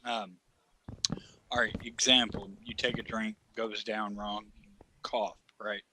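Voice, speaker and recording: A man's voice: lowish voice, little pitch movement, slow pace, bright, forceful tone, slight background noise. A man telling a long, profane anecdote in casual chat, laughing often as he goes.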